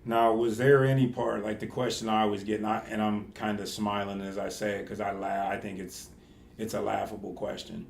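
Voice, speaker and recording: A man's voice: fairly low pitch, flat delivery, brisk, vocal fry, slight background noise. A man hosting a podcast interview, asking rambling questions with frequent restarts. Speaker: podcast host and coach. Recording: echoey room.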